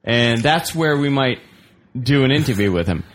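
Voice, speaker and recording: A man's voice: mid-range voice, expressive, moderate pace. A man in casual radio studio banter, speculating and self-deprecating.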